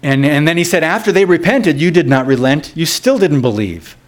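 A pastor preaching a sermon in a loose, conversational way, with asides, restarts and quick laughs. His voice climbs sharply whenever he quotes scripture or acts out a crowd. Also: animated. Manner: rises sharply in pitch when quoting scripture and crowds.

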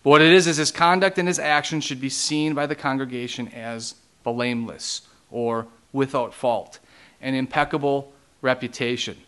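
A man's voice: medium pitch, fairly even intonation, moderate pace, a bit bright, clear, resonant tone. A man pastor teaching a Bible study in a plain, conversational way, explaining each term one by one.

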